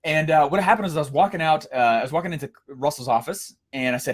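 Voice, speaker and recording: Energetic man coaching with fillers. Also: fairly high pitch, fast. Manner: energetic, storytelling, frequent fillers and restarts. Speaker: course instructor. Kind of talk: casual coaching talk.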